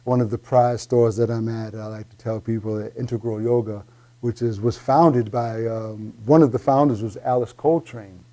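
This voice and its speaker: A man who works as a vegan chef, a guest in a casual interview, talking in a relaxed way that trails off softly. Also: medium pitch, normal speed.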